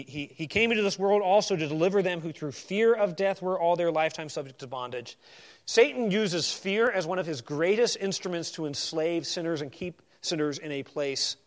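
A man preaching from the pulpit, his voice pitched a little higher than most men's. He builds verse by verse from softer asides up to emphatic declarations. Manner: expository, swings between emphatic and quiet asides. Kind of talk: sermon.

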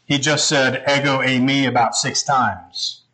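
A man's voice: medium pitch, fairly even intonation, unhurried, bright, forceful tone, low-quality recording. A man preaching a sermon, explaining scripture in a conversational, teaching manner. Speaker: pastor.

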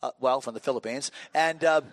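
There's no echo as this middle-aged pastor, speaking a little fast in a mid-range voice, delivers a sermon. He tells stories conversationally and with humor, frequently restarting his sentences.

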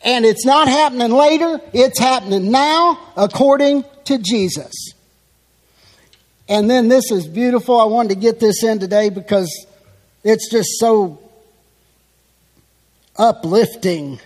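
A man preaching a sermon, teaching slowly and with emphasis as he works through a passage. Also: extremely high pitch, big-room sound. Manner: slow, emphatic expository teaching.

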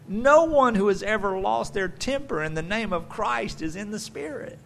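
A pastor delivers a sermon with a voice pitched a little higher than most men. He swings between forceful, loud emphasis and quiet, chatty asides. Faint background noise sits under the recording. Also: lively intonation, moderate pace, creaky, hardly any pauses.

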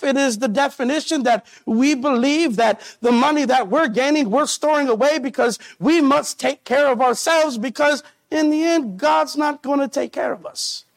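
Guy preaching a sermon, really high voice, dry close sound, drags out the big words. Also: vocal fry, dry recording. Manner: earnest preaching, stretching key phrases slowly. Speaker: pastor.

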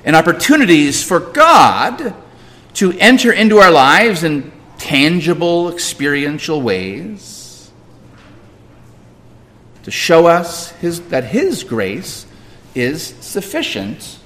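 A man's voice: a little high, sing-song, slow, long pauses, bright, forceful tone, long reverb tail. A man pastor preaching a sermon, emphatic and repetitive, questioning the congregation and answering himself.

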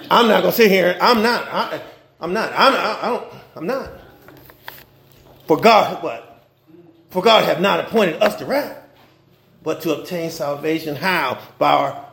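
High gravelly-voiced male pastor preaching. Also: echoey room. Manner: informal preaching with slang and humor, rising and dropping in intensity. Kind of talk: sermon.

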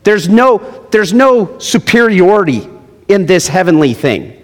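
A middle-aged man preaching a sermon as pastor, swinging between loud, high emphasis and low, quiet drops. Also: sing-song, unhurried. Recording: long hall reverb.

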